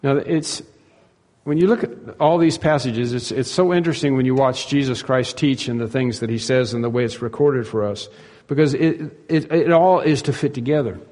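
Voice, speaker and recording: A man's voice: mid-range voice, moderate pace, a little mellow, long reverb tail. A man preaching an expository sermon, emphatic and repeating himself, and voicing the disciples' questions. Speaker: pastor.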